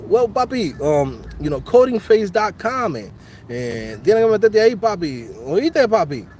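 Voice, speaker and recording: Brief: a man doing a playful Dominican-accented hustler, coaxing pitch in mixed Spanish, street noise behind. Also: sing-song, unhurried, a little mellow. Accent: Dominican Spanish-accented English, put on.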